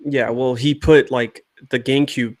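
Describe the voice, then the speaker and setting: A young man of middle pitch tells stories in easygoing chat with friends. He rambles and breaks into laughter. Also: fairly even intonation, a little slow, no echo, studio quality. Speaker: podcast co-host. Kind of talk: casual chat.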